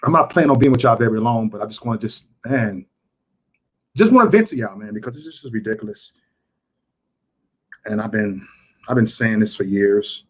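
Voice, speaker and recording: A man's voice: lowish voice, animated, normal speed, long pauses, slightly rough. A man ranting to his livestream chat, impassioned and repeating himself for emphasis. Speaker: YouTube livestreamer.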